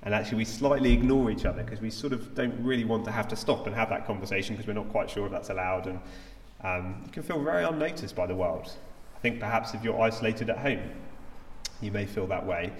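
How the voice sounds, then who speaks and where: A man's voice: lowish voice, fast talker. A man giving a sermon as a preacher, in a conversational, reflective way with frequent fillers. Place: church hall. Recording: echoey church hall.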